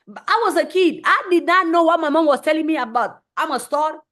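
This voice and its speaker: A woman's voice: high-pitched, a little fast, a bit bright. A woman hosting a motivational live stream, speaking emphatically and repeating phrases for effect. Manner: acts out voices in quotes.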